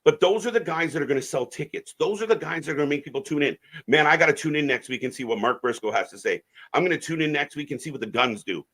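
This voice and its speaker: Guy co-hosting a wrestling live stream, kinda high bright voice, rambly and opinionated. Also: animated, fast, few pauses. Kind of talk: wrestling watch-along chat.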